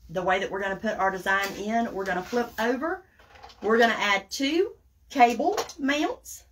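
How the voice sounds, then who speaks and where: A woman's voice: mid-range voice, a bit bright. Chatty Southern woman hosting a craft stream. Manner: chatty and folksy, addresses viewers as guys and y'all. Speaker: craft tutorial livestream host. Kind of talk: casual live craft demo, reading viewer comments.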